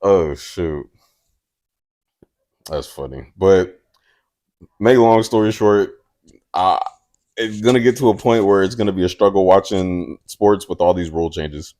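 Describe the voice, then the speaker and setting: A man hosting a casual sports chat, slangy and animated, swinging from loud outbursts to soft asides. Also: sits low, measured pace, pauses often. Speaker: podcast host.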